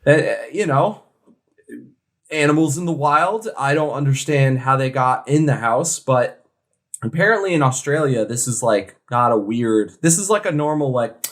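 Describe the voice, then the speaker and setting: Lively joking man on a podcast. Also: mid-range voice, normal speed. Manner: joking, animated banter. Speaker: podcast co-host. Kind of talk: casual chat.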